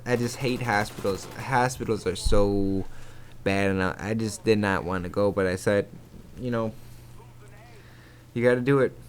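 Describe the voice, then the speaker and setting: A man's voice: lowish voice, slight background noise. A young man rambling casually as he tells a story over his gameplay video, with lots of restarts and casual swearing. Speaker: gaming YouTuber.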